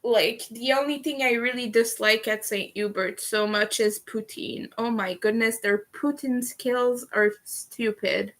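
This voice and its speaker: A young woman chatting casually on a livestream, giggly, with occasional vocal fry. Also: on the high side, fairly even intonation, unhurried, few pauses, a bit bright. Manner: chatty and giggly, laughs often. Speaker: streamer.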